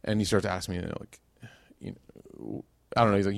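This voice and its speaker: Man, 30s, lecturer, animated storytelling, dry close sound. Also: low voice, fast talker, creaky, dry recording. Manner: casual, animated storytelling with voiced quotes.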